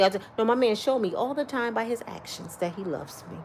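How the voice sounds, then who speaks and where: A woman's voice: a little high, very animated, fairly quick, pushed and bright. A middle-aged woman talking bluntly and profanely, giving life advice in casual, preachy storytelling.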